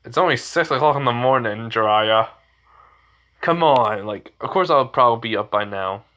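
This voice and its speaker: A man's voice: medium pitch, expressive, normal speed, sharp tone, lo-fi sound. A man voicing an annoyed, blunt teenage boy ninja in demon form, in a casual fan retelling.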